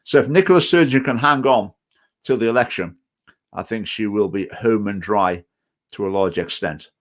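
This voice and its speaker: Stoke-on-Trent man, party chairman, chats casually through viewer comments; halting, repeats words, opinionated. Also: on the low side. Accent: Stoke-on-Trent English with some Scottish phrases. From England. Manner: hesitant, repeats words, digressive opinionated talk. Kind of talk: casual live-stream chat reading out comments.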